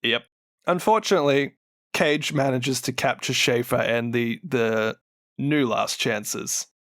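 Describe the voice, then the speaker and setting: Man co-host, unhurried lore storyteller, animated and laughing, dry close mic. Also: medium pitch, no echo. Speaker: podcast co-host. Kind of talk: casual lore chat.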